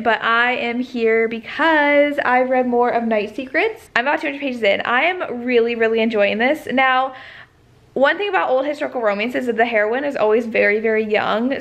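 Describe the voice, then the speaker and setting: A woman's voice: on the high side, a bit bright. A young woman and teacher chatting casually at home in a reading vlog, enthusiastic and full of fillers. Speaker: book vlogger.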